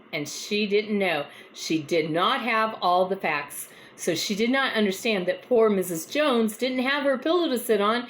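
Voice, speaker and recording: A woman's voice: fairly high pitch, a little hiss or hum. A woman hosting a casual faith talk, telling a folksy story in a chatty way that livens up as she retells it. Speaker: host of a faith encouragement vlog.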